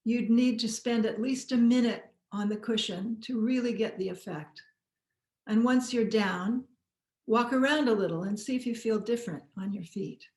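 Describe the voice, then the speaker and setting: A woman teaching posture and balance, giving calm, encouraging step-by-step movement cues. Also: on the high side, moderate pace, roomy sound. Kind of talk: guided movement instruction.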